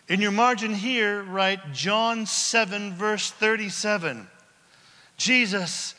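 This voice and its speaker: A man preaching a sermon as pastor, urgent and emphatic, swinging between shouts and hushed whispers, asking the congregation questions. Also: high voice, slow pace. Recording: long hall reverb.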